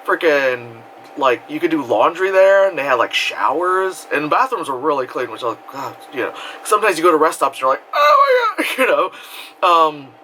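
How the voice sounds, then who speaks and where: Lively, bright-voiced young man rambling. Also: fairly high pitch, moderate pace, slight background noise, rough recording. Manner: rambling with many fillers, bursts into loud screams and laughter. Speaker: vlogger. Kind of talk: casual storytelling.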